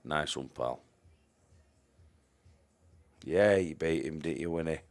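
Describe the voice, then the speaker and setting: A man's voice: rumbling low, slow pace. A man giving chatty live-stream commentary on a pool match, greeting viewers by name and trailing off into mumbled asides.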